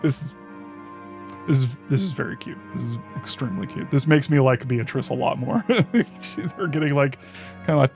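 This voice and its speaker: A man's voice: medium pitch, moderate pace, darkish tone, faint music behind. A man streaming a visual novel, reading its text aloud and commenting casually, swearing freely and laughing often.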